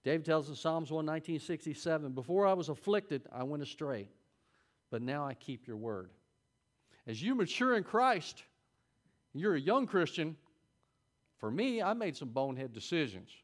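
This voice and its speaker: A man's voice: a little high, very animated, moderate pace. Folksy middle-aged man preaching. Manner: folksy, conversational preaching with sudden loud peaks. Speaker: Sunday school teacher. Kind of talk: sermon.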